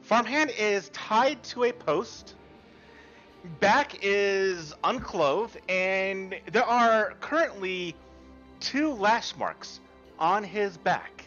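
A man narrates a tabletop game as game master. His voice is high and bright and moves around a lot, and he describes scenes slowly with pauses. The recording is lo-fi, with faint music underneath. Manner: relaxed, halting description with fillers.

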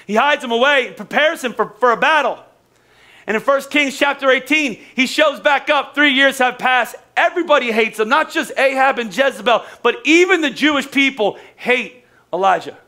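High, bright-voiced pastor preaching. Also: male voice, normal speed. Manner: conversational preaching with acted quotes and humor. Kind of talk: sermon.

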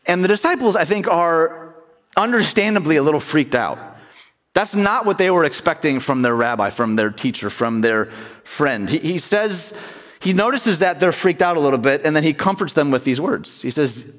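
A man's voice: on the high side, very animated, normal speed, fairly bright tone. A man preaching a sermon as pastor, in a conversational way, often asking the congregation questions. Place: church sanctuary. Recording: long church reverb.

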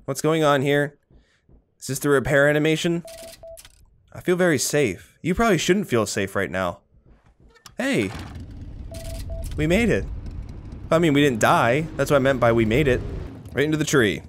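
Young male gameplay commentator, sarcastic, foul-mouthed, lively pitch that jumps high under stress; faint game noise behind. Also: moderate pace, long pauses. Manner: sarcastic, swears, bursts into high-pitched panic. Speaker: gaming commentator.

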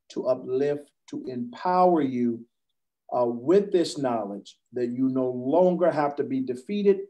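A man hosting a wellness chat speaks in a mellow, warm, slightly high voice. He talks in an upbeat promotional way, stringing words together like a pitch. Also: low-quality recording. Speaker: host of a wellness show.

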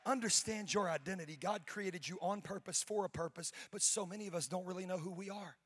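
A male pastor preaching a sermon to a congregation, swinging from hushed asides to shouted peaks, with humorous storytelling. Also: high voice, brisk, no echo. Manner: humorous storytelling with acted-out voices. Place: church sanctuary before a congregation.

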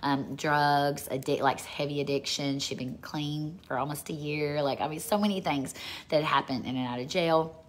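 A woman's voice: deep voice, fairly even intonation, normal speed. A woman minister telling a story casually, gushing and rambling with lots of fillers.

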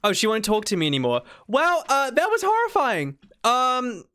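A man giving excitable live commentary on a game he is streaming, reacting with frequent laughter. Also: very high voice, moderate pace, clean tone. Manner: excitable, animated, laughs often.

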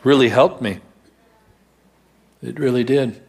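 A male pastor preaches a church sermon in a storytelling way. His voice sits at an ordinary mid pitch, and he slows right down to lean on the words that matter. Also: creaky, a little mellow, husky. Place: church service.

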